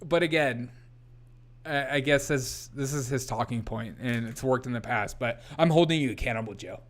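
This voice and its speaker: A man's voice: mid-range voice, normal speed. A man hosting a casual commentary show, mocking the clips he plays and laughing often.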